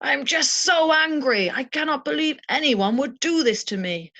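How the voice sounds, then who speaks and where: A woman's voice: sits high, lively intonation, normal speed, bright, forceful tone, pitched above the performer's own voice, exaggerated voice. A woman voicing an indignant, self-righteous male thunder god who is outraged.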